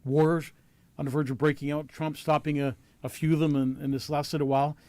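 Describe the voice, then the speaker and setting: A man's voice: a little high, flat delivery, brisk, a little mellow, dry recording. A man hosting a talk show, asking earnest questions with many fillers and restarts. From Canada. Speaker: show host. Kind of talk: casual talk show discussion.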